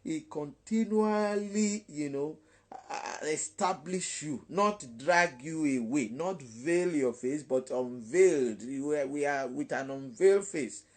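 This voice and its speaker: A man's voice: on the high side, slow. A man with a Nigerian English accent, a gospel DJ talking on a live online chat in an emphatic preaching style, repeating words and slipping into Pidgin.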